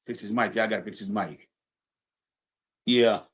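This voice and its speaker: A man's voice: fairly low pitch, steady tone, unhurried. A man hosting a home livestream podcast, talking loosely and repetitively to his chat, swearing and calling them y'all. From St. Louis, USA. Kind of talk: casual political rant to live chat.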